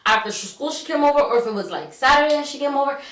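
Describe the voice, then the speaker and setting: Animated New woman, high voice. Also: racing, recorded from a distance. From New York. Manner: animated, slangy, acts out dialogue. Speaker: vlogger. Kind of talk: casual storytime. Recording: roomy, set back from the mic.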